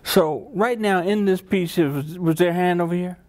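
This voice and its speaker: A man's voice: high-pitched, normal speed, a little mellow. A man leading a training workshop with upbeat, encouraging coaching.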